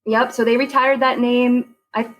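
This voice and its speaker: A woman's voice: on the high side, level tone, moderate pace, rough recording. A woman in her forties from Long Island, chatting as a podcast guest with easy laughs and many fillers. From Long Island, New York. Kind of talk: casual interview chat.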